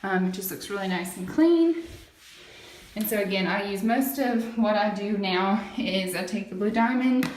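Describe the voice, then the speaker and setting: A woman's voice: medium pitch, moderate pace, darkish tone, a little hiss or hum. A woman giving a casual how-to demonstration in her home bathroom, chatting as she scrubs. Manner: chatty, explains while scrubbing. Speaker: product demonstrator. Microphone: camera set back from the speaker. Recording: echoey tiled bathroom from a distance.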